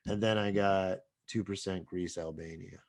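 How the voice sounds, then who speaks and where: A man co-hosting a podcast, chatting casually, listing things slowly and restarting his words. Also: low voice, fairly even intonation, a little mellow. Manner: slow, trailing off, restarts words. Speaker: podcast co-host. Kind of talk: casual chat.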